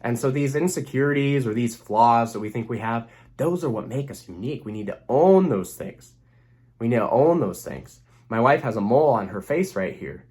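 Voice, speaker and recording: A man's voice: medium pitch, lively intonation, normal speed, darkish tone. A young man speaking earnestly as a relationship coach, giving a motivational self-help talk to the camera and repeating phrases for emphasis.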